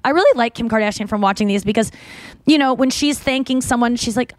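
A woman's voice: on the high side, a little fast, no echo. A woman hosting a podcast, chatting casually and rambling with lots of fillers and restarts. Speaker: podcast host. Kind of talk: casual chat.

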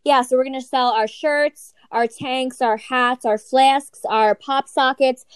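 A woman's voice: high voice, steady tone, unhurried, clear, resonant tone, no echo. A woman co-hosting a podcast in casual chat, brash and swearing freely. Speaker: podcast co-host.

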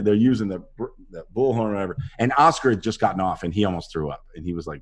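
A man with a very low, deep voice tells animated stories from a film set in a relaxed interview. He acts out other people's lines as he goes, and his pitch swings widely through the telling. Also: very fast, few pauses. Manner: animated anecdotes with acted-out quotes. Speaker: actor guest. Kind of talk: casual interview storytelling.

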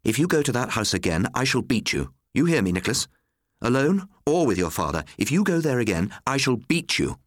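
A man's voice: sing-song, brisk, no room sound, clean studio sound. A man voicing a bitter, furious Victorian mother who cuts with threats and rises to desperate cries. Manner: shrill, cutting threats rising to desperate cries.

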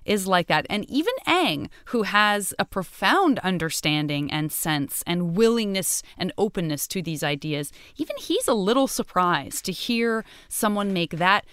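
A heartfelt woman co-hosts a podcast in casual chat. Her voice is smooth and clear. The recording is close and dry. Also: mid-range voice, very animated, measured pace, hardly any pauses, a bit bright, no echo. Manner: heartfelt, emotional. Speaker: podcast co-host.

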